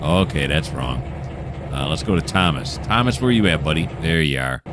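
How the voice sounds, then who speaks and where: A low-pitched man talks his way through a railroad game in a relaxed, meandering way, often stopping to correct himself. A faint noise floor sits under his voice. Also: moderate pace. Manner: rambling, self-correcting, chatty. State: hiccuping. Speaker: gameplay host. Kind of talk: casual game commentary.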